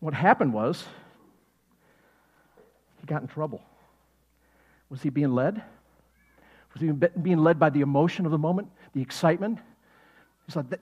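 A preacher with a high, light male voice delivers his sermon with plenty of humor and laughter. He acts out the scenes himself, switching between hushed asides and sudden bursts of shouting. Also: normal speed, pauses often, slightly rough. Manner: animated, acts out quotes with sudden loud shouts; jokey, laughs often. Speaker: pastor.

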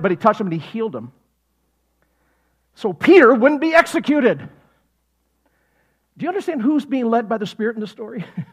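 A man preaching a sermon, animated and jokey, acting out quotes with sudden loud shouts and laughing often. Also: very high-pitched. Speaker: pastor.

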